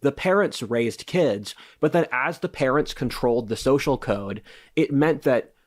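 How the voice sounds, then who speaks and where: A man's voice: mid-range voice, animated, measured pace. A man who is a podcast guest, explaining his views in an assertive, lecturing way during casual interview talk.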